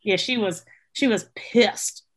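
Animated, swearing woman from South Texas. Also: mid-range voice, takes it slowly. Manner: animated storyteller, acts out quotes, swears freely. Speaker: podcast guest, chef. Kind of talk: casual chat.

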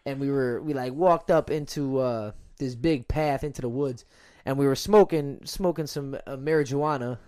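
A man's voice: mid-range voice, normal speed, few pauses, a little mellow, clean tone. A young man casually telling a story on a podcast, in slangy speech with frequent laughs. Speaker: podcast guest.

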